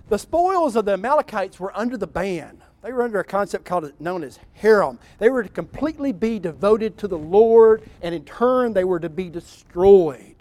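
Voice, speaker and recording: A man preaching a sermon in an animated, wry way, acting out scripture scenes. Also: high-pitched, moderate pace, few pauses.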